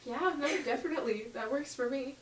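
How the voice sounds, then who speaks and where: A woman reading a shy, awkward teenage boy who stumbles over his words. Her voice stays high. She is heard from a distance in an echoey room. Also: brisk, slight background noise, lightly acted. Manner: hesitant, stumbling. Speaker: audition reader.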